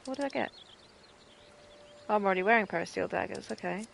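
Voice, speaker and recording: Northern English woman gamer, chatty, self-amused commentary, mid pitch, faint noise behind. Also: fast talker, creaky, a bit bright. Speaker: gaming streamer. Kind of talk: casual game commentary.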